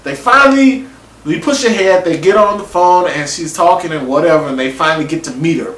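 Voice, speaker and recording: A man giving a casual, animated review of a TV episode, acting out people's reactions in slangy everyday talk. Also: on the high side, a little fast. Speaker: TV show reviewer. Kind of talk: casual opinion monologue. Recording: echoey room, mic at a distance.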